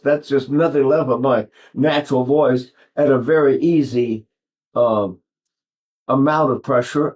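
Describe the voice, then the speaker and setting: A man's voice: medium pitch, darkish tone. A man in his eighties giving an informal singing lesson, rambling and digressive, often breaking off to demonstrate vocal sounds. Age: 80s. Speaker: voice teacher.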